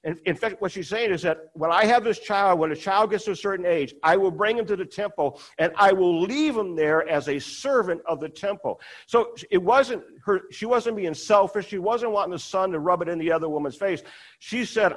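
A man with a notably high voice delivers a sermon in an easy, conversational way. He retells the scripture passage with asides, and he voices the characters' lines by pushing his pitch higher. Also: normal speed. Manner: conversational, acts out quoted dialogue with rising pitch. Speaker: preacher.

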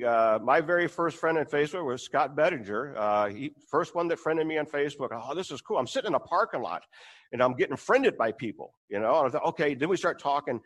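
A man's voice: on the high side, fairly bright tone. A man preaching a sermon in an earnest, emphatic way, returning again and again to a key question. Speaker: pastor.

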